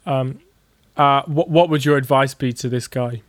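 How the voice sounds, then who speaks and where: A man's voice: medium pitch, moderate pace, dry recording, studio quality. A young man co-hosting a podcast in casual chat, teasing and joking. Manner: teasing, jokey. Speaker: podcast co-host.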